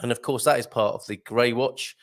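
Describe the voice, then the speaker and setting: A man's voice: mid-range voice, steady tone, brisk. A man hosting a live morning show, chatting casually and jokily through viewer comments with plenty of ums and laughs. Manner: chatty, jokey, laughs often, lots of ums. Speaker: host. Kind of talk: live-stream chat reading viewer comments.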